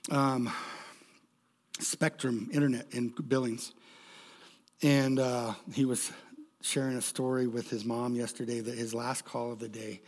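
A middle-aged male pastor preaching a sermon, emphatic, with stammering restarts and direct questions to the congregation. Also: mid-range voice.

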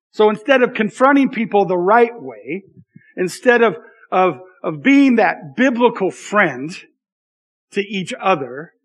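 A man's voice: sits high, a bit bright. A man in his thirties, a pastor giving a conversational, self-deprecating sermon with frequent asides to the congregation.

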